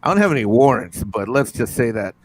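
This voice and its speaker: A middle-aged man co-hosting a livestream, reading viewer comments with rambling jokes and quick asides. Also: medium pitch, big pitch swings, a little hiss or hum, rough recording. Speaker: livestream co-host.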